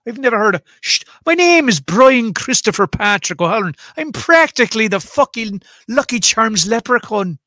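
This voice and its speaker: A man's voice: sits high, very animated, normal speed, few pauses, bright, forceful tone, no echo, clean studio sound, pitched above the performer's own voice, exaggerated voice. A man putting on an Irish accent to play an indignant, foul-mouthed Irish man who is exasperated at being asked. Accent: Irish (put on). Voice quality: blustering, profane, exasperated.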